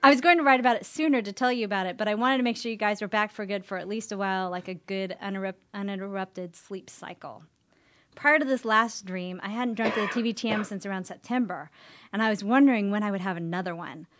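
A woman's voice: mid-range voice, fast talker, a bit bright, slight background noise. A woman guest on a comedy podcast, reading a listener's email aloud and adding dry wisecracks. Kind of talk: casual chat, reading a letter aloud.

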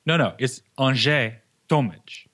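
A man's voice: medium pitch, unhurried, pushed and bright, slight background noise. A man co-hosting a podcast in casual banter, playful and goofy, laughing often, recorded on a microphone in an office. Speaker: podcast co-host. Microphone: studio microphone.

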